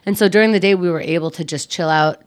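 A woman's voice: fairly low pitch, fast talker. A woman with a New York accent, co-hosting a casual chat, telling stories animatedly, swearing freely and laughing often.

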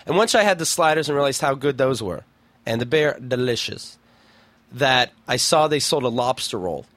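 A man's voice: medium pitch, expressive, moderate pace, fairly bright tone, no room sound. A man co-hosting a podcast in crude, rambling casual banter, reading out and joking about news stories. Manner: profane, rambling, jokey storytelling. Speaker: podcast co-host.

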